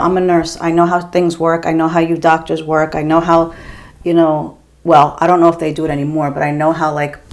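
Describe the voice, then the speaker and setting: A woman in her fifties from the US East Coast, chatting bluntly while she does her makeup at home, with the odd swear word. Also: lowish voice. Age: 50s. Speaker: beauty vlogger. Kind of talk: casual makeup tutorial chat.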